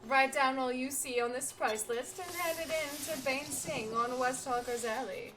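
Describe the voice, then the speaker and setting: A woman voicing a pompous male master merchant in a game, slow and grand as he hands out orders. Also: sits high, noisy background, lightly acted. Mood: commanding.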